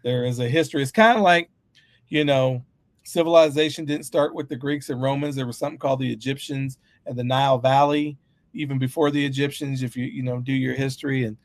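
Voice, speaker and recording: A man's voice: medium pitch, fairly even intonation, fairly quick, no echo. A man co-hosting a casual podcast chat, talking emphatically and riffing with humorous asides. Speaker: podcast co-host.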